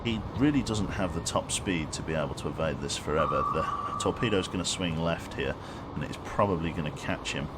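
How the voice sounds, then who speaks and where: A man with a very deep voice streams a submarine game, talking a little fast in casual live-stream commentary. He rambles with dry, wry, self-mocking humor, and a noisy hum runs in the background.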